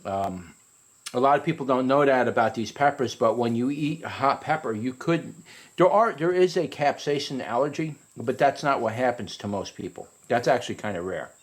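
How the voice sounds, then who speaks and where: A man giving a casual, rambling review of a hot pepper, often restarting his sentences and climbing higher when he retells a story. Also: expressive, moderate pace.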